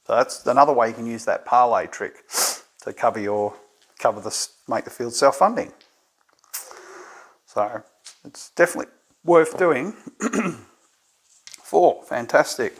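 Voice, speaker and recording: A man's voice: medium pitch, measured pace, pauses often, slightly rough. A man with an Australian accent, hosting a tabletop game tutorial and thinking aloud, often checking in with "right?". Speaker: gambling strategy presenter.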